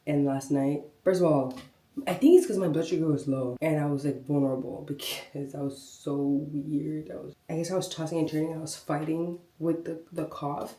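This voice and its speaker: A young woman vlogger chats casually, her low, warm, slightly rough voice keeping a fairly even intonation at normal speed. She's still short of breath and coughing from a cold as she rambles along in a chatty, slangy way.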